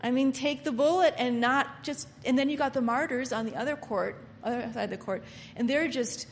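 Woman preacher, fairly high voice, impassioned sermon, soft murmurs to loud emphasis, long reverb, faint background hiss. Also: fairly quick. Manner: mocks people by acting out their inner voices.

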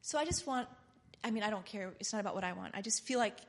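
A middle-aged woman giving a rambling, earnest, informal sermon that builds to loud, impassioned preaching. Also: mid-range voice, lively intonation, quick pace.

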